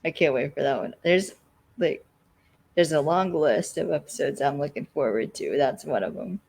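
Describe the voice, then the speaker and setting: An easygoing podcast co-host talks in relaxed, casual chat. They often chime in with agreement, and their voice sits at an ordinary middle pitch. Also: normal speed, creaky, husky.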